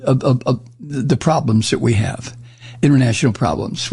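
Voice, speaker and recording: A man's voice: medium pitch, vocal fry, a little mellow, husky. A man hosting a political talk show, delivering a blunt, sarcastic, heated monologue into a studio microphone. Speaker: radio talk show host.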